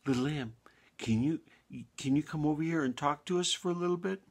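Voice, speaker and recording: A man voicing a gentle coaxing young sheep. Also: fairly high pitch, a little fast, voice pushed up.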